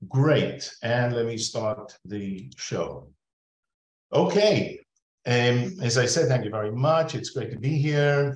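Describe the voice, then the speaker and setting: A man's voice: mid-range voice, a little mellow, roomy sound. An older man giving a webinar lecture over a video call, chatty and digressive with many fillers.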